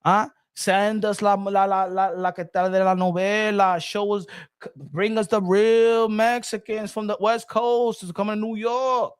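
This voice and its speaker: A man hosting his own boxing channel, telling stories in a rambling, animated casual chat full of restarts. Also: high voice, measured pace, clear, resonant tone.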